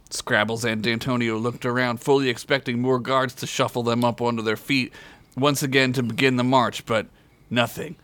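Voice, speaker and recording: A man's voice: mid-range voice, steady tone, moderate pace, fairly bright tone, no room sound. A man hosting a podcast, narrating a comedic story with crude, jokey asides.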